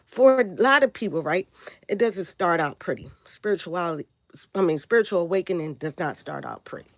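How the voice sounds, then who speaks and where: A woman with a flu-raspy voice hosting a casual spiritual livestream, preaching and checking in with her viewers. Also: lowish voice, lively intonation, brisk, no echo. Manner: preachy, asks viewers if they follow.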